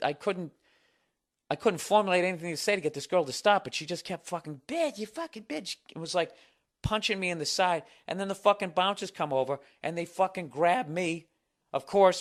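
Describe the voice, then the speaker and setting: A man hosting a podcast, telling a story in a comedic monologue, profane and animated as he rants. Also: sits high. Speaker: podcast host.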